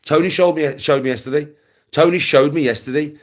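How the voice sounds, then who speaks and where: A young man with a fairly high pitch rants aggressively and briskly to his livestream viewers on camera. He swears and keeps repeating himself in his anger.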